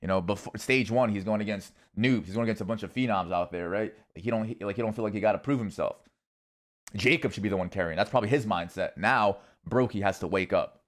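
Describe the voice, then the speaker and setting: A young man streaming, casually rambling through esports predictions with lots of swearing and thinking out loud. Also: on the low side, fast talker. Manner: rambling, profane, thinking aloud.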